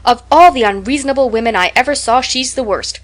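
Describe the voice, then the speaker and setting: A woman voicing a stern, practical middle-aged woman who talks briskly and sharply. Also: fairly high pitch, pitched above the performer's own voice, close to an everyday voice. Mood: indignant.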